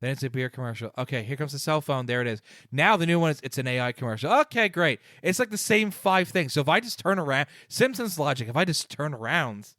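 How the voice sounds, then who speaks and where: A man co-hosting a podcast in casual chat, joking and getting excited as he talks. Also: a little high, fast, hardly any pauses, no echo, clean studio sound. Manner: excited, joking, quotes lines from the show. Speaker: podcast co-host.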